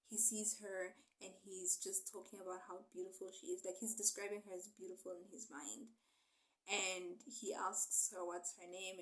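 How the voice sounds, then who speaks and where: A young woman casually retelling a novel for a book review, chatty and animated as she acts out the characters. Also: mid-range voice, poor audio.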